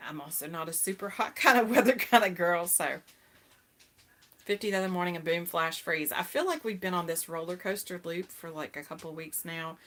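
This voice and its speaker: A middle-aged woman with a low-sitting voice hosts a casual live-stream chat, talking with viewers and greeting them brightly. She laughs often, and there's a little hiss or hum in the audio.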